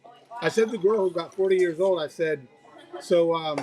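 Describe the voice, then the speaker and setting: A man's voice: high-pitched, a little fast, a little mellow, soft background music. A man co-hosting a casual podcast over a remote connection, blunt, laid-back and joking. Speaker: pilot and podcast co-host. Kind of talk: casual chat. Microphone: phone hotspot, remote call.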